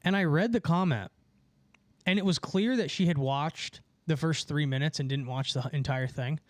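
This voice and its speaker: Animated rambling man, dry close mic. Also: on the high side, normal speed, no room sound. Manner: animated, rambling, many fillers and restarts. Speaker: host of a live call-in show. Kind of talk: casual livestream rant reading chat.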